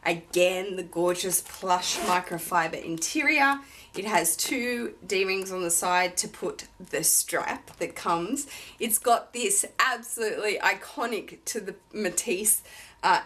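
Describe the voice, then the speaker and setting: A woman talks slowly and unhurriedly through a handbag unboxing. She gushes over each detail in an effusive, delighted way. Her voice sits at a mid pitch. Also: fairly bright tone, a little hiss or hum. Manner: gushing, effusive. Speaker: vlogger.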